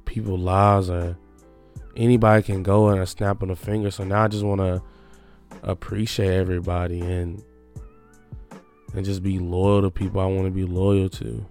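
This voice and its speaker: A young man making a personal confession in a halting, reflective way, often restarting his sentences. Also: deep voice, level tone, a little mellow, soft background music.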